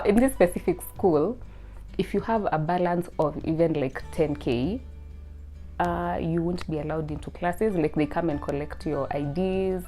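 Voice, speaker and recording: A young woman, casually telling her personal faith testimony in a chatty, lively way. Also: on the low side. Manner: chatty, lots of "like", lively, rising to loud excited bursts. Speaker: student sharing her testimony.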